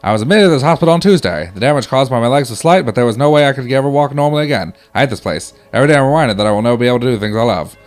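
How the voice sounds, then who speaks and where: A man's voice: mid-range voice, animated, racing, few pauses, faint music behind, voice pushed up, lightly acted. A man reading a wounded soldier's letters aloud in an old-timey, put-on British voice. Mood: somber. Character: wounded young male WWI soldier writing letters.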